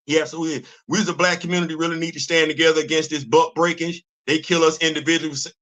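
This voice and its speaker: Older man host, high bright voice, stammery restarts. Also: quick pace. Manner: animated, repeats words when he starts a sentence. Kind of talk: livestream commentary.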